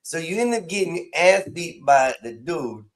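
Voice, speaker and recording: A host on an online stream call teases his guest and retells the tale back to him. His voice sits slightly high and moves a lot. He jokes in casual chat. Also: big pitch swings, normal speed. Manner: teasing, laughs, recaps the story.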